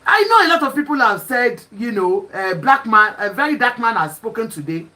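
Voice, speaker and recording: Nigerian lady ranting n pleading on her channel, kinda high voice. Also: big pitch swings, brisk, low-quality recording. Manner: impassioned, pleading, breaks into shouts. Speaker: commentator. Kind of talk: emotional commentary.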